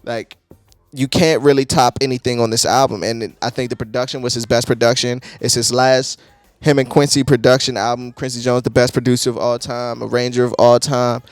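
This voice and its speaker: Excitable slangy young male reviewer. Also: medium pitch, fairly quick, no echo, faint music behind. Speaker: music reviewer. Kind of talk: casual reaction review.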